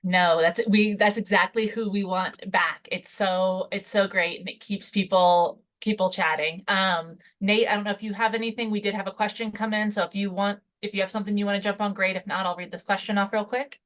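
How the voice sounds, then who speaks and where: A woman hosting a webinar, moderating in a friendly, quick way. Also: medium pitch, level tone, fairly bright tone. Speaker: webinar host.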